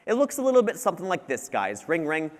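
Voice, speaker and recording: A young Canadian man giving an energetic, salesy conference talk on lawn care sales, addressing the audience as guys. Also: high voice, fast. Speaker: lawn care business presenter. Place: conference hall. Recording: echoey conference hall.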